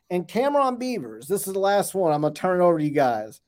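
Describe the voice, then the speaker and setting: A man co-hosting a sports podcast, talking excitedly about recruits with joking trash talk and rapid bursts. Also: high voice. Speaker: podcast co-host.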